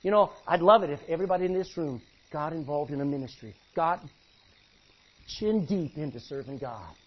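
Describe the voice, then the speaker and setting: A man preaching a sermon, acting out Bible characters and swinging between hushed and loud delivery. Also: a little high, animated, normal speed, breathy edge, dull audio. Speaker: pastor.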